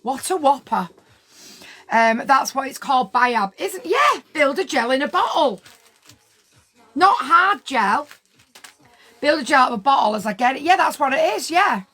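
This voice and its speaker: Speaking in a high, fairly bright, animated voice at a moderate pace, a woman in her 50s tells her livestream viewers an indignant story, going over her points again and again for emphasis.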